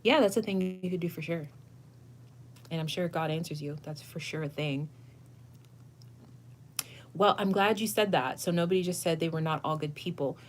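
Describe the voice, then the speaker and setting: A woman's voice: on the low side, moderate pace, long pauses. A woman hosting a casual tarot livestream, answering viewers in an effusive, gushing way, laughing often and swearing now and then. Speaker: tarot reader and channel host.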